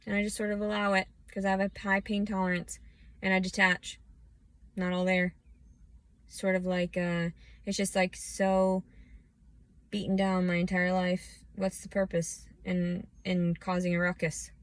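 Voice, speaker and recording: A woman vlogging a scattered, profane rant that swings from low muttering into shouting. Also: completely flat delivery, a little slow, dry recording. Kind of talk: ranting personal monologue.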